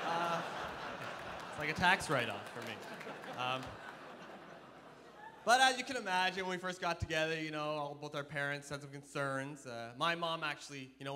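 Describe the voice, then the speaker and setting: A man performing a stand-up comedy set on stage, telling self-deprecating stories and acting out quoted voices loudly. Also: on the high side, normal speed, noisy background. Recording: live stage in a reverberant hall.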